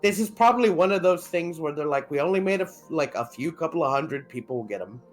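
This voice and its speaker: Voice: mid-range voice, lively intonation, fast, soft background music. A podcast co-host in casual chat, laid-back, chiming in with jokes and the odd swear.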